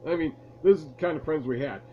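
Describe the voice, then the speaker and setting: A vlogger with a slightly high, mellow voice talks fast as he tells a rambling, amused story from his past to the camera. He sounds laid-back in a lamp-lit room at home, and the recording is muffled with a bit of hiss or hum.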